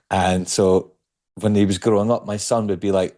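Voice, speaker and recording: A man's voice: low voice, flat delivery, moderate pace, warm tone. A man who is a podcast guest, talking reflectively in an interview and often repeating words as he looks for the right one. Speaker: podcast guest, speaker on stress. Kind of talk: conversational interview.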